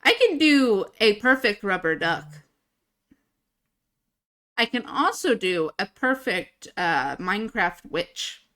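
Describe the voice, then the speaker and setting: Young woman streamer, giggly casual chat, bright tone, close desk mic. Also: mid-range voice, big pitch swings, slow pace, long pauses. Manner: chatty, giggly, self-amused. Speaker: livestreamer.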